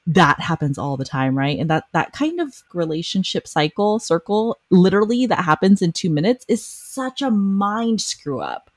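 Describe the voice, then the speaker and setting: Woman podcast host, low-ish voice, animated talker, dry close sound. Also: normal speed, few pauses, dry recording. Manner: animated, acts out quoted lines in other voices. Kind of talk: casual podcast conversation.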